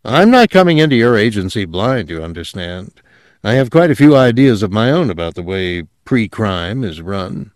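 A man's voice: on the low side, big pitch swings, normal speed, no echo, studio quality. A man voicing an ambitious young male official who speaks breezily and agreeably. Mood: breezy. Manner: breezy, eager, smoothly agreeable.

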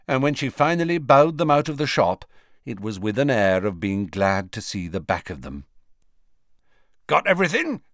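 A man narrating a storybook in an expressive, animated reading, in a dry recording. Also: fairly low pitch, dry recording. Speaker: audiobook narrator.

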